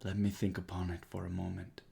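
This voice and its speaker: A man doing a deep, hushed tree spirit. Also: vocal fry, a little hiss or hum. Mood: calm. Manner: calm, measured, gentle. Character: ancient motherly tree spirit, calm and protective.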